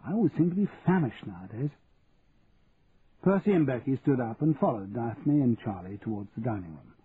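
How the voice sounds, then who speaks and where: A man narrating an audiobook in a measured, wry storytelling manner. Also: medium pitch. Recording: tinny, phone-like audio, faint hiss.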